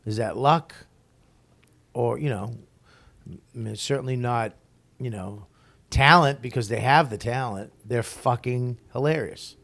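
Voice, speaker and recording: A man's voice: medium pitch, measured pace, vocal fry, pauses often. A man telling stories as a comic guest in a casual interview, swearing freely and acting out what others said. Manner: profane, animated storyteller who acts out quotes.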